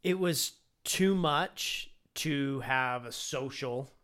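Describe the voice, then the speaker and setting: A podcast co-host in casual chat, tossing off quick jokes and banter. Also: medium pitch, crowd noise. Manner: joking banter, quick one-liners.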